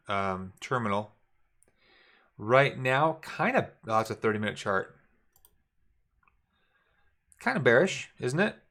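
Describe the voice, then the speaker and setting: Middle-aged male trading instructor, easygoing, repeats key points, mid pitch. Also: fairly bright tone. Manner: casual, repetitive, talks while drawing charts. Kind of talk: screen-share trading lesson.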